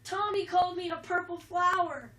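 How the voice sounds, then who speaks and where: A woman's voice: very high-pitched, fairly even intonation, normal speed, bright, forceful tone, pitched above the performer's own voice. A woman doing a mean little girl. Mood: snippy. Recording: roomy, distant, noisy mic.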